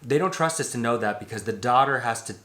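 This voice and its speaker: A man's voice: mid-range voice, fast, fairly bright tone. Opinionated man in an echoey room. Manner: opinionated, references older films. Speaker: film review podcast co-host. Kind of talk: casual chat.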